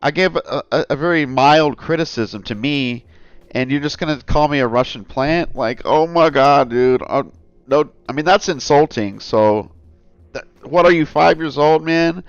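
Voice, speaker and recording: A man's voice: a little high, unhurried, smooth, no echo, highs cut off. Rambling, earnest man vlogging. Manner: rambling, earnest, keeps addressing viewers as guys. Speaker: channel host. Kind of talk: casual political commentary vlog.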